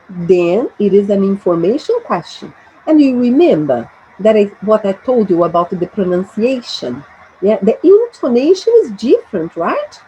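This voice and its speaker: Patient woman teaching English, lively pitch. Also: breathy edge, low-quality recording. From Brazil. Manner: patient, checks understanding with frequent "okay?" and "right?". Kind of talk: classroom explanation.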